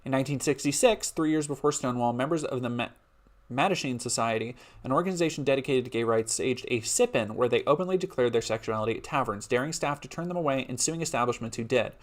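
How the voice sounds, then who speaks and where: A man's voice: mid-range voice, fast. A man streaming live, reading a history script aloud and breaking off for casual, laughing asides to chat. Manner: casual, laughing asides between read passages.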